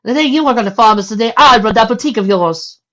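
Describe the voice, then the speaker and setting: A woman's voice: a little high, fast talker, a bit bright, muffled recording, a little hiss or hum, pitched above the performer's own voice, natural voice. A woman voicing a brash, tough young woman. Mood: cocky. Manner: brash, punchy and cocky. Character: tough, blunt, plain-spoken young woman.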